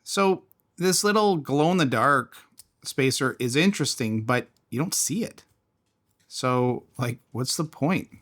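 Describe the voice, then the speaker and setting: A man's voice: mid-range voice, animated, measured pace, fairly bright tone. A man casually reviewing and taking apart a small fidget toy, thinking aloud as he tinkers. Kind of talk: casual product teardown.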